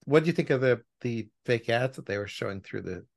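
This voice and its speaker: A man co-hosting a podcast, giving a thoughtful, measured critique in casual film talk. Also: medium pitch, expressive, gravelly. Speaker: podcast co-host.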